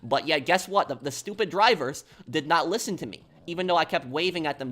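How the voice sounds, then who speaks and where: A man's voice: fairly high pitch, expressive, quick pace, hardly any pauses, a bit bright. A man from New York telling a long story on a stream, rambling and restarting his sentences. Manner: rambling, repeats himself, restarts often.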